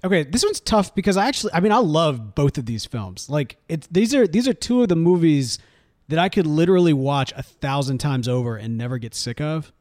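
Man, 30s, podcast co-host, casual chat, animated, chatty, fairly high voice, very lively pitch. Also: fairly quick. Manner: animated, chatty, laughs often.

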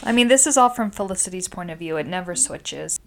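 A young woman co-hosting a podcast, chiming in with reactions and quick quoted lines during a book recap. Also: fairly low pitch, animated, a bit bright. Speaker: podcast co-host. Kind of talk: casual book recap chat.

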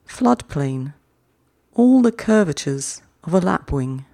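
A poetry-podcast host gives slow, measured readings in a mellow, medium-pitched voice that is gravelly and sing-song. Each short poem is read twice with long pauses, before a chattier, quicker sign-off. The recording is dry and studio quality.

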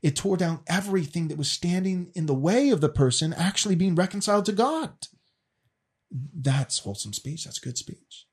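Husky male teacher, casual, earnest, restarts often. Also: sits high, lively intonation, normal speed. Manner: earnest, repeats words as he restarts.

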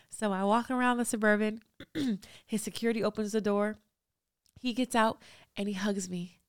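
A woman in her thirties hosting a podcast, telling a story in an animated, breathless way. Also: mid-range voice, normal speed, no echo, clean studio sound. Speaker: podcast host.

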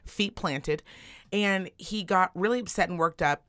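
Young woman on a podcast, swears a lot, animated storytelling, lowish voice, dry close sound. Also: measured pace, smooth, no echo. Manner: blunt, profane, animated storytelling. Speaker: podcast co-host. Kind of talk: casual chat.

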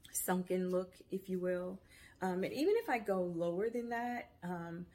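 A woman's voice: mid-range voice, a little mellow. A woman hosting her own video podcast, talking casually and giving upbeat, encouraging motivational advice. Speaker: podcast host. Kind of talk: motivational self-help talk. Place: home. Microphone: video podcast camera mic.

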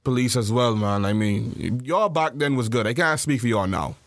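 A man co-hosting a podcast, telling stories from his childhood in a loose, animated way and acting out the voices of the people in them. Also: mid-range voice, normal speed, dry recording. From South Florida. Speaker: podcast co-host. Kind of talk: casual storytelling chat.

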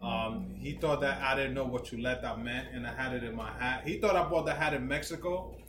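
A man, co-hosting a casual podcast and telling stories with lively voices for the people in them. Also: mid-range voice, brisk. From New Jersey, United States. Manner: animated storyteller, swears, slips into voices of others. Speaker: podcast co-host. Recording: echoey room with noise behind.

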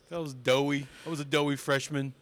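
A young man, a comedian guest on a podcast, telling stories in a casual chat and laughing often as he talks. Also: medium pitch. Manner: animated, laughs often while talking.

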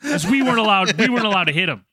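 Racing along in his high, bright voice, the same kind of storyteller—a man who once taught abroad—entertains friends with an animated, swear-filled tale, yelling the quoted lines. It's recorded dry and close-miked, with no room sound.

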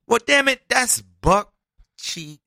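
Lively high-voiced man hosting a podcast. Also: slow, vocal fry, no echo. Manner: animated, laughing, stammering restarts. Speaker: podcast host. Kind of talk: casual podcast banter.

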